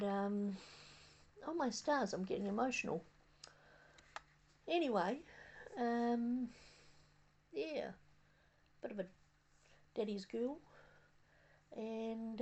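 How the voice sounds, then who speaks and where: An older woman from New Zealand with a New Zealand accent, reminiscing in a casual, rambling monologue outdoors on a windy day, halting often with fillers and restarts. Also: on the high side, a little mellow, muffled recording. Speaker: vlogger.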